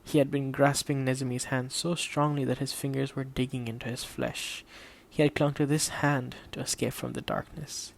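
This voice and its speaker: A man reading an audiobook in a steady, measured way, voicing the dialogue quietly. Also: medium pitch, vocal fry. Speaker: audiobook narrator. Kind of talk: scripted audiobook narration.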